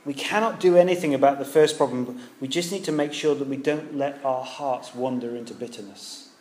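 A man's voice: mid-range voice, a little fast, darkish tone. A British man preaching a sermon in a conversational way, asking his listeners rhetorical questions. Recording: echoey room with faint ambience.

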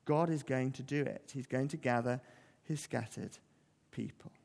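A man's voice: mid-range voice, moderate pace, vocal fry, darkish tone, in a large hall. A man preaching a sermon in a conversational, earnest way, often putting questions to the congregation.

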